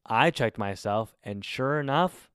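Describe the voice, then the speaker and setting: A man in his twenties telling a story casually, in an animated and exasperated way with plenty of swearing. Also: medium pitch, measured pace, clean tone, no room sound, studio quality. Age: 20s. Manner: animated, profane, exasperated retelling. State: recovering from covid.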